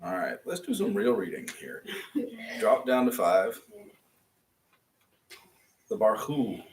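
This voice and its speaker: A man's voice: medium pitch, very animated, takes it slowly, vocal fry, darkish tone, echoey room. A man teaching a Hebrew reading class, patiently modeling syllables one at a time and encouraging his students. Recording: distant mic with faint room noise.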